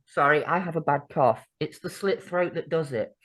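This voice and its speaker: This podcast co-host speaks at a measured pace in a low voice with a fairly bright tone. She keeps the casual chat lively with plenty of swearing and frequent laughter.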